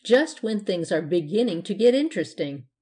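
A polite little witch girl speaks in a plain, matter-of-fact way, voiced by a woman reading a storybook. She stays calm and easygoing, with a soft storybook tone. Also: medium pitch, moderate pace, close to an everyday voice.

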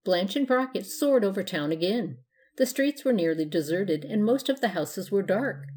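A woman narrating a children's storybook in a steady, gentle way. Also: medium pitch, moderate pace. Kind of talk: storybook reading.

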